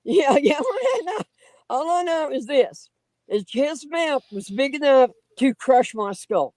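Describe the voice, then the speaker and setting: A high-voiced woman from Oklahoma with a drawl is a guest storyteller on a paranormal livestream, telling a casual tale in an animated, folksy, dramatic way with rough grammar. Her pace is measured, with no echo but poor audio.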